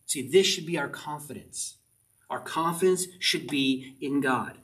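A man's voice: on the high side, measured pace, a bit bright. A man preaching a sermon as pastor, earnest and driving his point home with short repeated commands. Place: church service. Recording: voice a bit distant from the mic.

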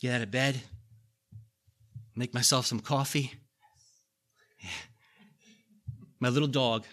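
A man's voice: mid-range voice, steady tone, slow, fairly bright tone. A middle-aged man preaching a sermon in a conversational way, repeating key lines and making folksy asides to the congregation. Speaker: pastor.

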